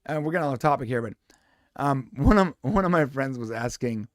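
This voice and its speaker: Lively, playful man on a podcast. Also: medium pitch, fairly quick, no room sound, clean studio sound. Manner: playful, laughs often, rambling asides. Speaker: podcast co-host. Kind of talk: casual chat.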